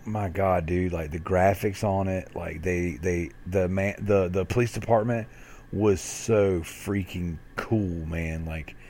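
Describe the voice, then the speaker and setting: A man with a fairly low voice co-hosts a relaxed gaming podcast. He talks in an excitable, rambling way and scatters "dude" and "like" all through it. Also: takes it slowly. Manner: excitable, peppers talk with "dude" and "like". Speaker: podcast co-host. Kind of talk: casual gaming chat.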